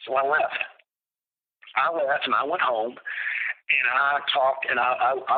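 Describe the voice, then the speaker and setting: A man's voice: mid-range voice, slight background noise. A man recounting a personal story over a phone call, blunt and profane, in a matter-of-fact way. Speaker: interviewee. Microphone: telephone. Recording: tinny phone line.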